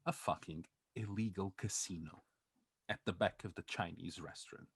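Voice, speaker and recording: A man's voice: low-pitched, normal speed, fairly bright tone, slightly rough, no room sound, clean studio sound. A young man co-hosting a podcast, telling a story in a casual, comedic way, swearing a lot, laughing often and acting out the lines of the people in it. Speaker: podcast co-host.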